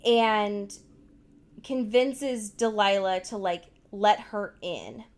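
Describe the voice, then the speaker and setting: A woman's voice: mid-range voice, drawn-out words. A woman co-hosting a podcast, recapping a TV episode in a loose, casual chat full of swearing and fillers. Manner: loose, profane, full of fillers and acted-out quotes. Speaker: podcast co-host.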